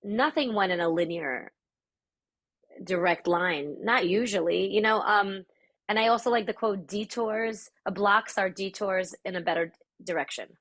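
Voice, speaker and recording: Woman, from the Soviet Union, native Russian speaker, podcast guest, thoughtful, reflective, mid-pitched. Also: a little slow, a bit bright. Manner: thoughtful, searching for words. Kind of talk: reflective conversational interview.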